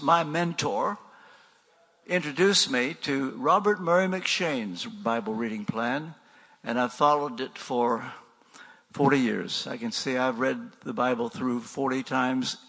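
A man's voice: fairly high pitch, pushed and bright, in a large hall. An older man preaching a sermon in a conversational way, asking rhetorical questions and repeating refrains.

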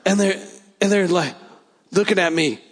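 A man preaching a sermon testimony, telling a story with animated delivery, repeating words and acting out quotes. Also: high voice, moderate pace, husky. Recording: long reverb of a large hall.

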